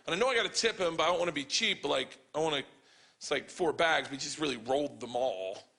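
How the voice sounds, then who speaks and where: Bright-voiced man doing profane stand-up. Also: a little high, fast, creaky. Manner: profane, animated, acting out voices. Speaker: stand-up comedian. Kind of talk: stand-up storytelling. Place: comedy club stage.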